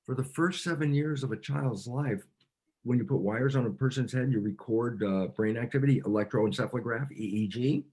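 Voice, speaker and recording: A man, a cell biologist, explaining ideas in an interview as an animated storyteller, with frequent restarts and filler words. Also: medium pitch, a little fast, slightly rough.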